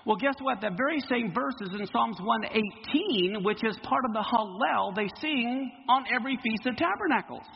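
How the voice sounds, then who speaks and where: A man preaching a sermon in an animated way, quizzing his congregation, recorded in a hall with dull lo-fi sound and faint noise. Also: very high voice, normal speed, creaky, hardly any pauses.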